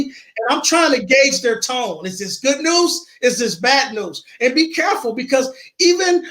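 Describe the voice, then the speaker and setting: A man's voice: very high voice, expressive, normal speed, sharp tone. A man speaking as an interview guest, telling his own story earnestly and repeating phrases for emphasis. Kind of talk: personal storytelling in an online interview.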